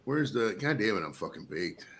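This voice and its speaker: A man's voice: lowish voice, big pitch swings, fairly quick, gravelly, fairly bright tone, a little hiss or hum. A man co-hosting a livestream, bantering loosely and swearing in casual chat. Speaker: livestream co-host.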